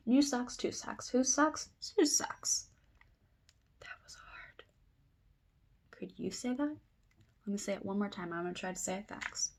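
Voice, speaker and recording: A woman reading a children's book aloud at circle time, trying tongue twisters slowly and then fast, with playful asides. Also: mid-range voice, in a whisper. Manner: reads tongue twisters slowly, then races through them, comments playfully.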